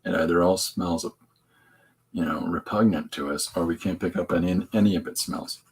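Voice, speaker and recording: Guy doodling comics on stream, low gravelly voice, jokey and rambly. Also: steady tone, normal speed, low-quality recording. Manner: joking, meandering, lots of restarts. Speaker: host drawing comics on a stream. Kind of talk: rambling live-stream chat while drawing.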